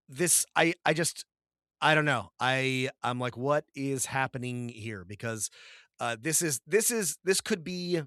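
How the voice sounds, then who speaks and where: A man's voice: fairly high pitch, bright, forceful tone, no room sound, clean studio sound. A man co-hosting a tabletop game podcast, talking casually, stammering, repeating words and trailing off mid-thought. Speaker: podcast co-host, game master.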